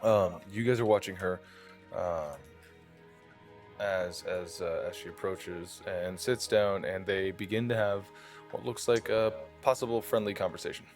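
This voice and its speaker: A man narrating as dungeon master for a tabletop game, loose and halting, with many fillers and restarts. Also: low voice, fairly even intonation, soft background music.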